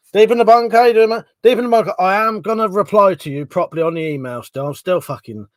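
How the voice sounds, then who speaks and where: In a mid-range voice with no echo, a man keeps up casual chat on his livestream. He drifts from point to point, swears liberally, laughs often, and greets viewers by name.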